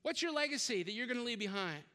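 A middle-aged man preaches to his congregation with an unusually high, bright voice. He is animated, shouting repeated calls to the crowd between joking asides. His voice rings out with a long reverb through a large church hall. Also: fast talker. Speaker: guest preacher. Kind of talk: sermon.

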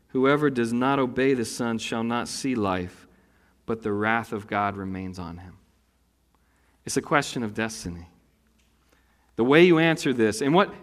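A man's voice: medium pitch, fairly bright tone. Man preaching in a reverberant hall. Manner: conversational storytelling with acted asides. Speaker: pastor. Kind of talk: sermon.

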